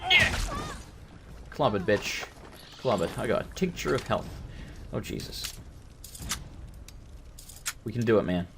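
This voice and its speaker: A man casually commentating a game he plays, excitable, swearing often and talking back to the characters. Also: fairly low pitch, measured pace, gravelly, long pauses, background noise. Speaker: let's play host.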